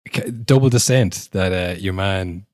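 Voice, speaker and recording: A man chats football on a podcast in a slightly low voice. He jumps into little acted-out exchanges between referees and players to make his points. The recording is close and dry, with no room sound. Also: moderate pace, dry recording. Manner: animated, acts out quoted referees and players. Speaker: podcast co-host. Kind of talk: casual football chat.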